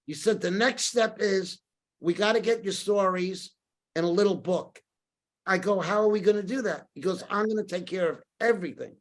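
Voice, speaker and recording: An older man telling his life story as a podcast guest, acting out the voices of the people he quotes. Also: sits high.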